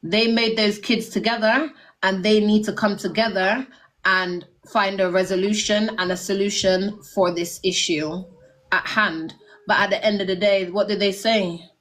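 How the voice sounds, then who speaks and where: Woman guest, mid pitch, calm and measured advice. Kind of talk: casual interview.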